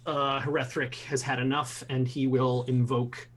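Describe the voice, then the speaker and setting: A man's voice: mid-range voice, flat delivery, measured pace, a bit bright. A young man playing a tabletop game, hesitant at times and then describing his character's actions vividly. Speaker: player. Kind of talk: tabletop role-play chat.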